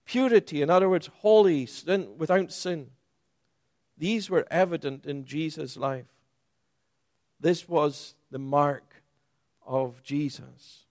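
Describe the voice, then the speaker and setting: A man preaching a sermon, stressing key words by rising and then dropping low and soft. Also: slow, pauses often, no room sound, clean studio sound.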